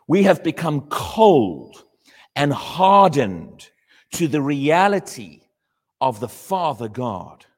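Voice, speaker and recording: A man preaching a sermon to a congregation, animated and questioning his listeners, often acting out little dialogues. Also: on the high side, takes it slowly, long reverb tail.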